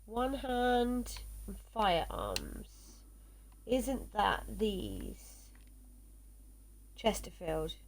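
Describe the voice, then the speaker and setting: With a little hiss or hum in the background, a medium-pitched woman from South West England talks very slowly, pausing often and swinging her pitch widely. Tired and yawning, she streams a game live, rambling casually with fillers and laughs.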